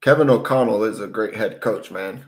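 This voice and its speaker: A man's voice: on the low side, normal speed. A man co-hosting a casual sports podcast, talking in a laid-back, slangy way. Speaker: podcast co-host.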